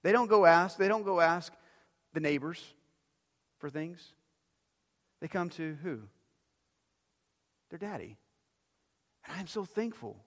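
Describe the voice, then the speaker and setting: A middle-aged pastor delivering a sermon, swinging between quiet, intimate phrases and loud, emphatic ones, often repeating words as he builds a point. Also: high voice, expressive, takes it slowly, pauses often. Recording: long reverb of a large hall.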